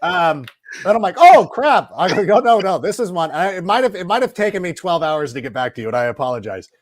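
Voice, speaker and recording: A middle-aged football analyst joins as a guest and talks in a chatty, rambling way, full of asides. His voice sits a little high and swings widely in pitch. The sound is close and dry. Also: animated, fast talker, no echo. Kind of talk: casual sports talk interview.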